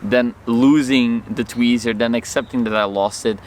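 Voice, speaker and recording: A man vlogging outdoors, telling a personal story to camera in an animated way and acting out the lines of people in it. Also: medium pitch, moderate pace, slight background noise. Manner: animated, acts out his own and others' lines in the story.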